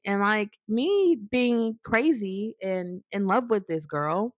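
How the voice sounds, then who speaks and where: A woman's voice: mid-range voice, slow, few pauses, no room sound, clean studio sound. A young woman casually telling a long personal story to her viewers, rambling with lots of fillers and restarts and acting out what people said. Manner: rambling, filler-heavy, animated quoted asides. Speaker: storytime vlogger.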